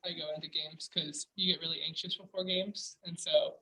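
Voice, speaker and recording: Soft-spoken young woman with a husky voice. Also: sits low, steady tone, moderate pace, poor audio. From Oregon, USA. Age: young adult. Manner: soft-spoken, self-deprecating. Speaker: college basketball player. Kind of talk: casual interview chat. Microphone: video call.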